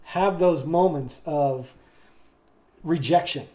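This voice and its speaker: A man co-hosting a podcast, speaking haltingly and repeating words as he thinks aloud. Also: on the high side, warm tone. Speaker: podcast co-host. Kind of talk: casual chat.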